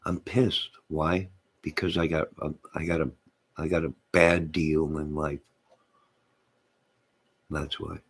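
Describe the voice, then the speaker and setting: A man's voice: rumbling low, flat delivery, takes it slowly, long pauses, husky. A man hosting his own channel, rambling to his live chat, reading out comments and laughing to himself. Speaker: channel host.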